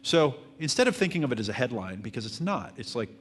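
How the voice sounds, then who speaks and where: A man teaching marketing at a live seminar, answering audience questions in a fairly even, self-described monotone manner. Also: mid-range voice, quick pace, a little hiss or hum. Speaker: marketing instructor.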